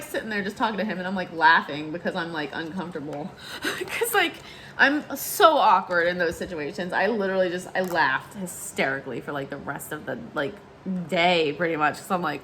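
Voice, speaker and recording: A woman vlogger telling a story in a chatty, animated way, with lots of "like" fillers. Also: lowish voice, a little fast, slight background noise. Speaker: beauty vlogger. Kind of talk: casual storytelling vlog.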